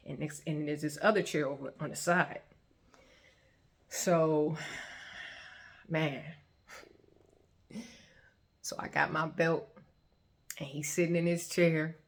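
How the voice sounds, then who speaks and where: A woman with a lower-pitched voice recounts a painful family story as a faith testimony. She talks in a loose, colloquial way and brings each moment to life with sudden jumps in pitch and volume. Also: vocal fry. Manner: animated, colloquial, acts out scenes with sharp pitch jumps. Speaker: vlogger sharing a faith testimony. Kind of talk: emotional personal testimony storytelling.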